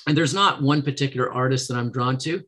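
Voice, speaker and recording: A middle-aged man speaks as a podcast guest, earnest and encouraging, with a voice of ordinary pitch. He slips into a lifted tone when he acts out what people say. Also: quick pace, pushed and bright. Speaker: podcast guest, negotiation trainer. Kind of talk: casual interview.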